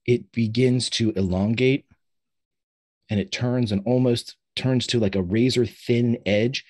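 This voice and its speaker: Man as game master of a tabletop game, very low and husky, lingers on the big moments. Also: darkish tone. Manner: slows down for dramatic reveals. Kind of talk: narrating a tabletop role-playing game.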